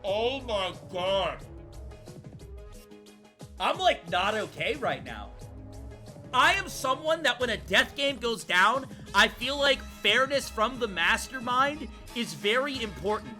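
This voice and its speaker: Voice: medium pitch, big pitch swings, slow, sharp tone, faint music behind. A streamer giving profane, ranting live gameplay commentary and chatting with viewers.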